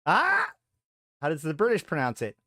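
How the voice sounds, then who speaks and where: A man's voice: mid-range voice, expressive, moderate pace, dry recording, studio quality. A man hosting a live stream, thinking aloud in a casual chat with frequent trailing off and restarts. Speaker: streamer host.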